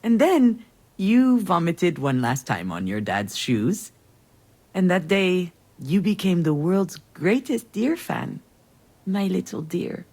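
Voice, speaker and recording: A woman's voice: lowish voice, sing-song, slow, a little mellow, husky, full character voice. A woman voicing a wry, anxious middle-aged woman in a video game, speaking earnestly and with feeling. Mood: reminiscing. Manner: earnest, emotional storytelling.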